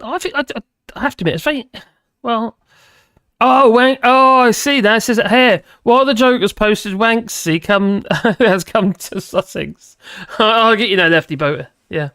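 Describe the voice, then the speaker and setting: A man's voice: extremely high pitch, normal speed, bright, forceful tone, smooth, no room sound, studio quality. A man hosting a live stream, chatting casually with viewers and rambling between topics while laughing often.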